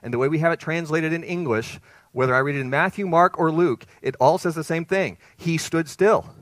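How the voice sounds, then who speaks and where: Bright-voiced animated male preacher. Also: on the high side, fairly quick, dry recording. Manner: animated, swings between quiet and loud. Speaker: pastor. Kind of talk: sermon.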